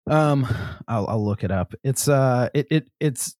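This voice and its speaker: A man co-hosting a podcast in casual chat, giggly and quick with jokes. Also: mid-range voice, darkish tone, no echo, studio quality. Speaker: podcast co-host.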